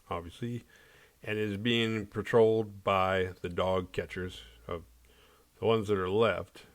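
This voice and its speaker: A man casually retelling a horror movie plot in a rambling, animated way, slipping into mock voices for the characters. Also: lowish voice. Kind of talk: casual comedic movie recap. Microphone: condenser microphone.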